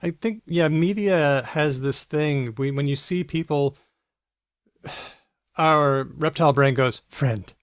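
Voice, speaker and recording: A man's voice: a little high, slow, no room sound, clean studio sound. A man co-hosting a casual language podcast, chatty and explanatory, reading out news items with asides. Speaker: podcast co-host.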